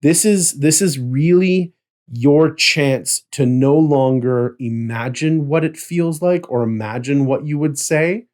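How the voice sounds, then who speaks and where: A man's voice: fairly high pitch, slow, a little mellow. A man co-hosting a casual chat about tabletop role-playing, explaining at length and checking in with "right?" as he goes. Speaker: podcast co-host.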